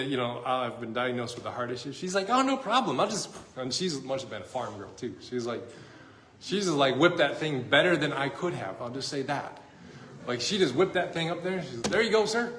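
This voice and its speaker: A man's voice: on the high side, a bit bright. A middle-aged man, a pastor, giving a sermon in a conversational storytelling way that pokes fun at himself. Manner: conversational storytelling, self-deprecating. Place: church sanctuary. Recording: echoey church room.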